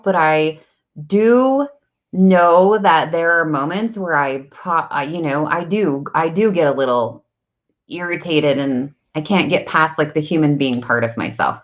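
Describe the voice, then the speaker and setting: A woman in her thirties talking candidly to viewers, acting out conversations as she tells personal stories. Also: on the low side. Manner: candid, storytelling, acts out conversations. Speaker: vlogger on self-improvement. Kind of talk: casual talk to viewers, live stream. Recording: dull lo-fi sound.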